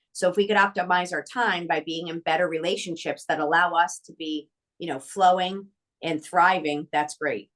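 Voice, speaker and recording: A woman speaking as a mental skills coach in a podcast interview, animated and emphatic, acting out quoted dialogue with lively swings. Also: fairly low pitch.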